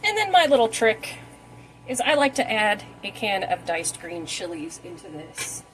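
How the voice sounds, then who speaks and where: A woman's voice: mid-range voice, lively intonation, unhurried, a bit bright, slight background noise, low-quality recording. A woman giving a casual, chatty cooking demonstration in her home kitchen, talking while she works. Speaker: cooking vlogger.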